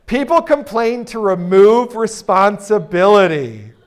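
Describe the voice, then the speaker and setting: A man delivers a keynote speech on a conference stage, his voice sitting noticeably high for a man. He is energetic and playful, teasing the audience and pulling them into call-and-response. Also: a little slow. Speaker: keynote speaker.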